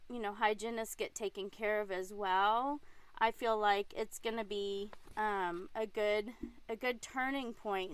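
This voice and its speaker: A woman's voice: mid-range voice, a bit bright, smooth, dry recording. A woman hosting a podcast in a casual conversation. She is a dental hygienist who talks in a chatty, upbeat way and giggles often.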